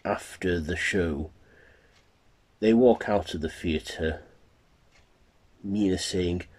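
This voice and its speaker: Slow, deep-voiced male storyteller. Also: a little mellow, slightly rough. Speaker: narrator. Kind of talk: amateur fan-fiction reading.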